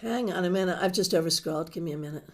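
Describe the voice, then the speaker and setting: A woman's voice: lowish voice, rapid-fire. A middle-aged woman hosting a tarot livestream, chatting with viewers and reading their comments aloud with emotion. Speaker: tarot reader host.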